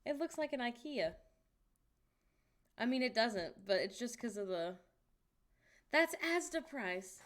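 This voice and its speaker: A woman streaming, chatting casually and reacting wryly out loud to what she finds while browsing online. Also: fairly high pitch, lively intonation, slow, pauses often.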